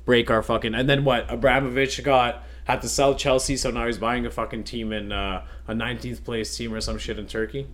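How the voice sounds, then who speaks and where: A man's voice: medium pitch, a little fast, hardly any pauses. A man co-hosting a casual podcast chat, rambling and swearing freely as he makes his points. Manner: profane, rambling, animated.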